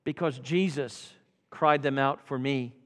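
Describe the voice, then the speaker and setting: A man preaching an evening church sermon, swinging from loud fervent calls to hushed quiet passages. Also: medium pitch, a little slow, long reverb tail. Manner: dramatic swings from loud fervor to hushed tones. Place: church sanctuary.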